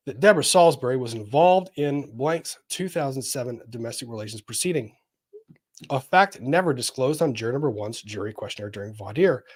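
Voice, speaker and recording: A man hosting a live legal commentary stream, reading viewer messages and reacting with wry, animated asides. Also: medium pitch. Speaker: lawyer streamer reading chat.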